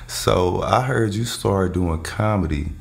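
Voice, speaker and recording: A man's voice: low-pitched, slow pace, vocal fry. A man hosting a podcast interview, laid-back and slangy, hyping up his guest. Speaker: podcast host. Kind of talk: casual interview chat. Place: studio.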